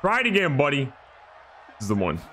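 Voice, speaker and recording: A man giving excited, joking gameplay commentary as a gaming YouTuber. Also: medium pitch, moderate pace, noisy background. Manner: animated, joking, trash-talking.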